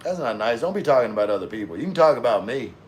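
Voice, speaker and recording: A man's voice: medium pitch, big pitch swings, racing, a little hiss or hum. A middle-aged man hosting a casual livestream, answering viewer comments in a laid-back way with lots of fillers. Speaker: livestream host reading chat.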